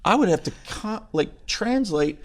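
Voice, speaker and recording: A pastor telling animated stories in a casual studio chat, acting out the voices of the people in them. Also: male voice, sits high, measured pace. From United Kingdom. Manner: animated storyteller who acts out other voices. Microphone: studio microphone.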